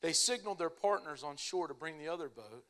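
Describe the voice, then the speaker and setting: A young man preaching a casual, animated sermon, telling stories in an everyday way. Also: a little high, a little fast. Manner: animated, casual storytelling with lots of "like".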